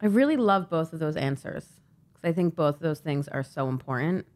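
A woman's voice: deep voice, lively intonation, brisk, a little mellow. A woman hosting a quiz on a casual podcast, reading out questions and options and teasing the players with a laugh. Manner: playful, teasing, laughs often. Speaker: guest quizmaster.

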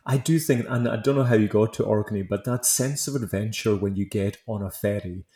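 A man's voice: lowish voice, brisk, mellow, echoey room. A man with a Hebridean Scottish accent, chatting casually as an interview guest, friendly and laughing lightly. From Isle of Lewis, Outer Hebrides, Scotland. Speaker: guest baker and author.

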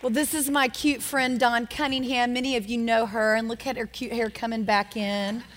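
A woman speaks from a church stage, chatty and talking straight to the audience. Her voice sits somewhat high for a woman. The hall around her adds a lingering reverb. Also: steady tone, moderate pace, a little hiss or hum. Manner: warm, chatty, addressing the audience directly. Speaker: women's Bible study leader. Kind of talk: church teaching and interview introduction.

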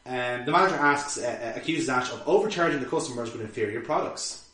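Talking fast in a medium-pitched voice, this podcast co-host recaps an episode in casual chat, full of swearing and laughter as he animatedly tells the story. The sound is roomy, with the mic set at a distance.

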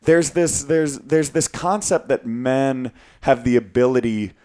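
Man, podcast co-host, thoughtful, halting delivery, mid pitch. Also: steady tone, dark tone. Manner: thoughtful, halting, restarts sentences. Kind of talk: casual podcast chat.

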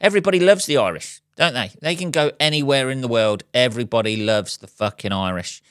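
A man's voice: mid-range voice, animated, fairly quick, dry recording, studio quality. A man hosting his own podcast, rambling through a profane, wry monologue with chuckling asides. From England. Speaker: podcast host and comedian.

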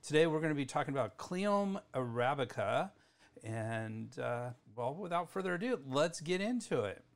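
A man's voice: on the high side, big pitch swings, moderate pace, creaky. Male podcast host, middle-aged, casual chatty delivery with frequent self-corrections. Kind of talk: solo educational podcast.

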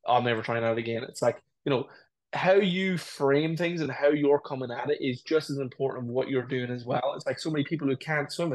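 A man co-hosting a podcast, talking reflectively and often starting with "it's like, listen". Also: fairly high pitch. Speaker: podcast co-host. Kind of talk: casual chat.

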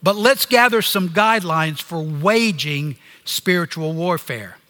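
Male preacher, high voice, slow deliberate sermon delivery, earnest. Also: lively intonation, sharp tone, big-room sound. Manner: earnest, pausing preaching with phrases dropping low at the end.

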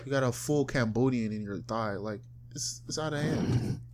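A man from South Florida co-hosting a casual chat, loose and profane, often mocking people in high put-on voices. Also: moderate pace, darkish tone, a little hiss or hum. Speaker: podcast co-host.

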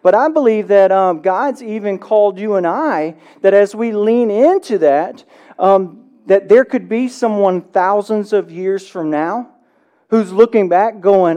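Mellow-voiced conversational pastor preaching. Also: medium pitch, measured pace, lo-fi sound. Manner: conversational preaching with frequent "right?" tags. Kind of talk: sermon.

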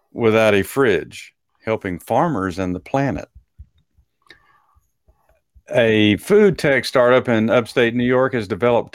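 A man's voice: mid-range voice, dry recording, clean studio sound. A man co-hosting a casual talk show, reading news items aloud and breaking in with his own asides. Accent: Texan. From Texas. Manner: reads articles aloud with asides and chuckles. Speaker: co-host.

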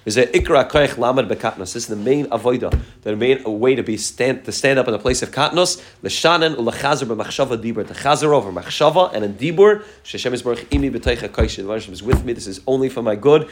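A man teaching a Torah class at a very fast clip. His voice sits at a middle pitch, and he circles back on his phrases over and over. Hebrew and Yiddish terms run all through his English. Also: slight background noise.

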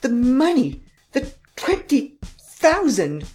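A woman reading the part of a desperate, greedy man who pleads and stammers in high outbursts. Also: big pitch swings, slow pace, mellow, soft background music. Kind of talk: audiobook character reading.

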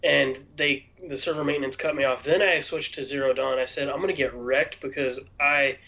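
A man's voice: mid-range voice, fairly even intonation, brisk, creaky, sharp tone. Laid-back man chatting about games, lo-fi. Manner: laid-back, laughs often, lots of "like". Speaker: podcast co-host. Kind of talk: casual gaming chat.

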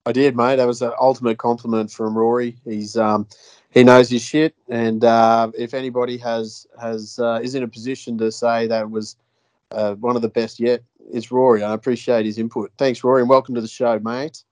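A man's voice: mid-range voice, little pitch movement, moderate pace, darkish tone, no echo. A man co-hosting a podcast, enthusiastic and rambling with frequent restarts. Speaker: podcast co-host. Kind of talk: casual podcast interview.

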